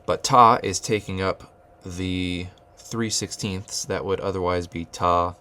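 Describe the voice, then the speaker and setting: A man's voice: low-pitched, steady tone, slow, bright, forceful tone, clear, resonant tone. A man teaching rhythm at a whiteboard, thinking aloud with fillers and restarts and chanting rhythm syllables. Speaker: music teacher.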